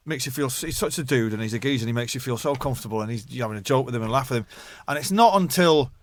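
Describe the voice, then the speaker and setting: A man in casual chat who talks quickly and rambles, often restarting his sentences. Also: mid-range voice, animated.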